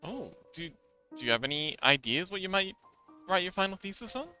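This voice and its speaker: A man streaming live and chatting casually with his viewers, reading their messages aloud and answering them playfully. His voice is strikingly sharp and bright and sits fairly high, with lots of swing in its melody. Soft music hums quietly in the background. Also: sing-song, brisk. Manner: reads chat aloud and chats back, playful. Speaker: streamer drawing fanart. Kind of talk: casual livestream chat.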